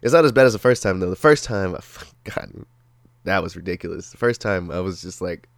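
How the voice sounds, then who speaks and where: A man's voice: low-pitched, animated, fairly quick, creaky, dry recording, studio quality. A young man with the flu, chatting on a podcast in a laid-back way, swearing often and breaking into laughs. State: sick, with a flu. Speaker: podcast co-host. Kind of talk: casual chat.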